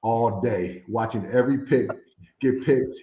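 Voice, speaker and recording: A man from the American Midwest telling a story in an interview, animated and laughing often as he acts out quotes. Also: medium pitch, a little slow. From Fort Wayne, Indiana. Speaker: former NFL player, guest. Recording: echoey room.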